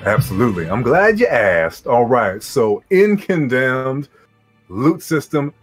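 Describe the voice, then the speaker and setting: A man's voice: medium pitch, sing-song, unhurried, soft background music. Laid-back man, slangy. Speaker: guest, guild leader. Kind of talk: casual podcast interview.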